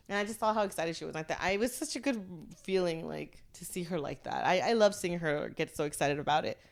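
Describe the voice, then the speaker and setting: A woman chef chatting casually, animated and laughing often, swearing freely. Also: lowish voice. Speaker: chef, guest. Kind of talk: casual tipsy chat.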